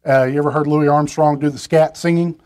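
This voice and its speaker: A man's voice: on the high side, steady tone, brisk, darkish tone, clean tone. A man preaching a sermon from a pulpit, talking in a conversational way with restarts and side remarks to the congregation. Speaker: pastor.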